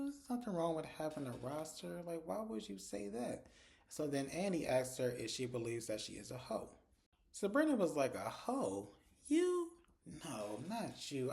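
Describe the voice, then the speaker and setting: Male reviewer recapping episodes, lively and profane, acts out the dialogue. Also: medium pitch. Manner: animated retelling, acts out dialogue in quoted voices, profane. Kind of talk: casual recap commentary.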